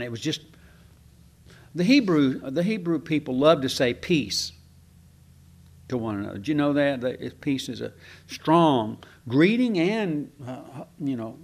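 A man's voice: fairly high pitch, vocal fry. Guy preaching, folksy and chatty, keeps asking the crowd stuff, restarts his sentences a lot. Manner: folksy, asks the congregation questions, trails off and restarts. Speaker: pastor. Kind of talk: conversational sermon.

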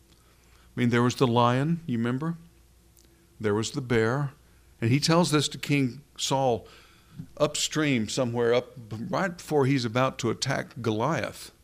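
An earnest male preacher delivering a sermon. He leans on repeated rhetorical questions, pressing each point home with emphasis. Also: mid-range voice.

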